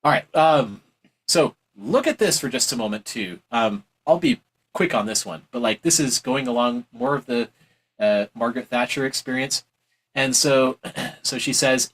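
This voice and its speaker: A man giving a heated, preachy opinion monologue on politics, mocking others in exaggerated high voices. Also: lively intonation, normal speed, fairly bright tone, husky, low-quality recording. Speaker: political commentator.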